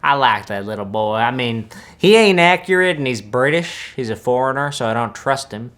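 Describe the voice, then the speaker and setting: A young man plays a boastful country-boy wizard reacting to films with deadpan comedy, drawling in a laid-back, rambling way full of folksy asides. He sounds smug and animated, with a mid-range, fairly bright, near-everyday voice at normal speed.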